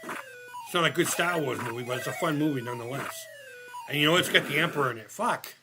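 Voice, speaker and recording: A man's voice: a little high, fast talker, noisy background. A man chatting casually during a live retro game stream, swearing often and laughing at himself. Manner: profane, laughing, excitable. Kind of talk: casual live gameplay chat.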